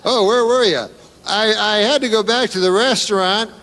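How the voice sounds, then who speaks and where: A man putting on a bumbling suspect who explains himself in an earnest, plodding way, a little higher than his own voice. The delivery is slow and careful. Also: a bit bright, in a large hall. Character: bumbling male suspect giving a flimsy alibi.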